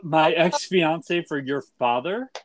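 A man co-hosting a podcast chats casually, making his case with wry, dry humor. His voice is fairly high, animated, and slow, and the recording is dry.

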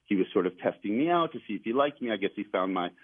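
A man's voice: on the low side, lively intonation, rapid-fire, breathy edge. Man on a tinny phone line. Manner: eager storyteller, chuckles now and then. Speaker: author and journalist guest. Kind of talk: radio interview.

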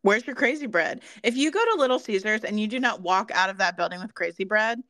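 A woman co-host reacting to a TV show with loud, emphatic disgust and frequent laughter, repeating lines for punch. Her pitch is mid-range. The sound is dry and close, with no room around it. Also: animated, quick pace, dry recording, rough recording. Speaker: podcast co-host. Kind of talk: casual chat.

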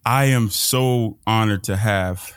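A man's voice: fairly low pitch, slow, clear, resonant tone. A man hosting a podcast in casual chat, hyped and playful, talking with a lot of energy. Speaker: podcast host.

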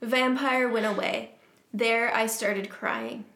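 On a comedy podcast, a female co-host reads fan fiction aloud slowly, repeatedly dissolving into laughter amid casual chat. She has a fairly high, somewhat bright voice with fairly even intonation, recorded with a roomy echo.

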